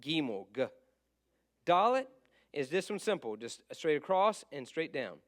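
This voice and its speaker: A man's voice: fairly high pitch, big pitch swings, a little slow. A man teaching a class in a casual, repetitive way, often trailing off while he writes on a board. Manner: casual, repeats letter names, writes on board while talking.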